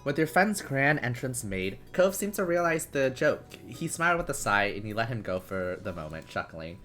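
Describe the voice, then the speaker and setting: Lively storyteller narrating an interactive story. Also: medium pitch, moderate pace, faint music behind. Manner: lively, laughing while reading. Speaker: storyteller host.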